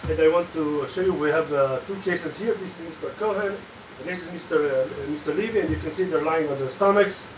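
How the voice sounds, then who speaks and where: Israeli man doing deadpan stand-up. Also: on the high side, brisk, background noise. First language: Hebrew. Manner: dark deadpan jokes with hesitant fillers. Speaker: stand-up comedian. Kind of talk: open-mic stand-up. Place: small basement comedy club. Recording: roomy echo, distant mic.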